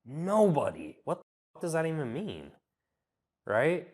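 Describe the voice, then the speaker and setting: A man's voice: on the high side, huge pitch swings, measured pace, a little mellow. A man giving a casual business coaching session, blunt and profane as he critiques a client's work.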